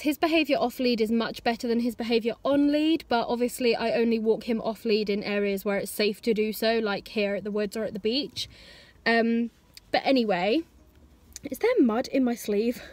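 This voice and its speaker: A woman's voice: on the high side, no room sound. A woman in her twenties, vlogging in a rambling, chatty way and scolding her dogs. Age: 20s. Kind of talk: casual vlog chat. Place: outdoors in woods, later at home.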